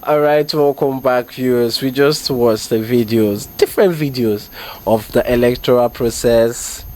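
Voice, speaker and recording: A man presenting as a TV news anchor in a studio, introducing a guest with a steady delivery. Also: medium pitch, unhurried. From Nigeria.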